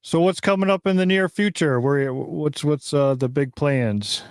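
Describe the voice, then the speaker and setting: A man hosting a live podcast, talking casually and excitedly, with many fillers and restarts. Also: a little high, unhurried, smooth, no echo, clean studio sound. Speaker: podcast host.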